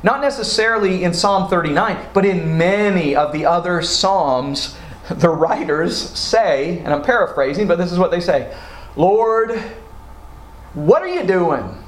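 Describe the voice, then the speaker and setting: A man's voice: sits high, normal speed. A man preaching a sermon as pastor, acting out quoted prayers with rising feeling. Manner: expressive, acts out quoted prayers with rising emotion. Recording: roomy echo.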